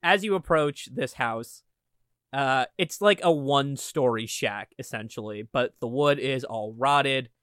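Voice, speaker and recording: A man running a tabletop game as game master, narrating scenes with a joking, animated manner. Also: medium pitch, measured pace, clean tone, no echo, clean studio sound.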